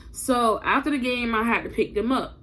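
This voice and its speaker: A woman's voice: a little high, normal speed, bright, forceful tone, a little hiss or hum. A young woman telling a personal story to her viewers in a casual vlog, blunt and profane, talking straight to camera.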